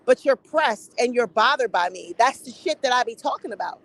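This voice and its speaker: A woman with a high voice talks in an unfiltered, profane way, with an animated, gossipy edge. She sounds middle-aged and speaks as a commentator holding forth to her viewers. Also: fairly quick, few pauses, rough recording. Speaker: commentary vlogger. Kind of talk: casual opinion commentary.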